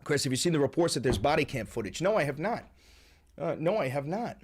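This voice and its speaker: Profane ranting man streamer, higher voice. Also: big pitch swings, fairly quick, husky. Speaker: live streamer. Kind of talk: casual live-stream chat.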